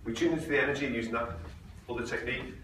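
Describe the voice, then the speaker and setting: A man's voice: medium pitch, rapid-fire, a bit bright. Guy telling a client story onstage, big echo, noisy, far from the mic. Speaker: presenter. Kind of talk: conference talk with anecdotes. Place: conference hall. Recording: very echoey hall, distant mic, noisy.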